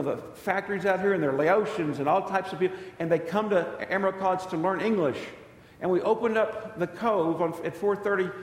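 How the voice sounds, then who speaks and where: A male pastor delivers a sermon in a fairly high voice, telling stories and acting out the dialogue inside them. The sound rings through a church hall with a long reverb tail. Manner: storytelling preacher, acts out quoted dialogue.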